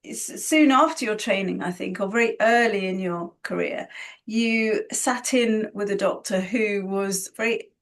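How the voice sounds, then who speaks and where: A woman interviewing a guest, asking questions with gentle, encouraging prompts. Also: medium pitch, unhurried. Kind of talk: conversational interview.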